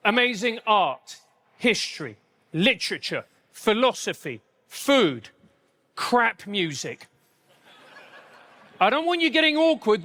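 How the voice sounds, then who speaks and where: A high, bright English comedian doing live stand-up. He delivers punchy, self-mocking bits with quick asides.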